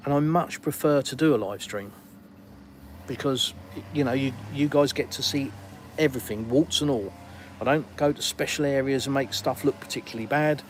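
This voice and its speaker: A man's voice: mid-range voice, moderate pace, a little hiss or hum, poor audio. An English man hosting a casual live stream outdoors in a garden, rambling and colloquial as he reads viewers' comments aloud. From England.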